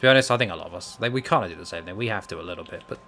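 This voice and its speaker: A man's voice: low voice, very fast, sharp tone. A man streaming a fighting game, ranting and swearing at his opponents and the game. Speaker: gaming streamer. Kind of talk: live gameplay commentary.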